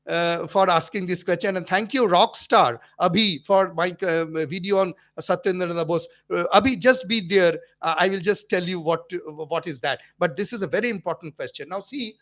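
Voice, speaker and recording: Man, Indian English accent, high-pitched, physics teacher, livestream Q&A, emphatic, repeats himself, lots of fillers. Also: normal speed, hardly any pauses, fairly bright tone. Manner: emphatic and repetitive, with frequent fillers and restarts. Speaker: physics teacher and channel host. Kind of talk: livestream talk answering viewer comments.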